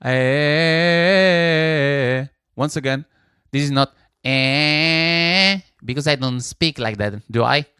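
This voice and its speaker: A man's voice: mid-range voice, brisk, fairly bright tone, dry recording, studio quality. A man teaching singing, explaining and demonstrating exercises with sung syllables. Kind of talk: vocal lesson with sung exercises.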